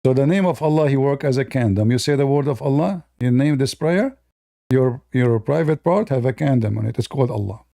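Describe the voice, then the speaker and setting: A man's voice: mid-range voice, expressive, brisk, creaky, mellow, dry recording, clean studio sound. A man giving a casual, mocking monologue on religion in broken English, sarcastic throughout. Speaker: religion commentator.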